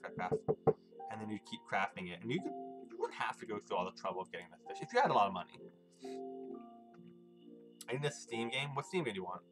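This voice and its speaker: A young man streaming a video game, rambling loosely and chuckling as he chats with his viewers. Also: mid-range voice. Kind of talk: casual live gameplay commentary.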